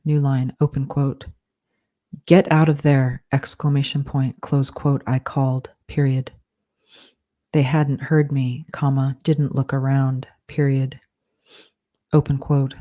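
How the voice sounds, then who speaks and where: Woman dictating a story out loud, very low flat voice, says comma and period as she goes. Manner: slow, deliberate phrasing, saying punctuation and edit commands. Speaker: author dictating a novel. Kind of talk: dictating prose aloud with spoken punctuation.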